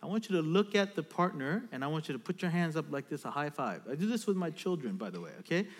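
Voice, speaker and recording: A man's voice: fairly high pitch, fast, big-room sound. A man preaching a sermon in a church, reading scripture and then leading the congregation in an interactive exercise. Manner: animated preaching with direct audience instructions. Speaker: pastor. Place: church sanctuary.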